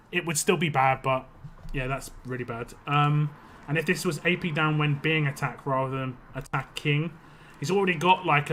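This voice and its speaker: A man's voice: on the high side, sharp tone, slight background noise. A man streaming a mobile game, chatting casually and giving opinionated takes, with frequent filler words. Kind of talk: casual live-stream commentary.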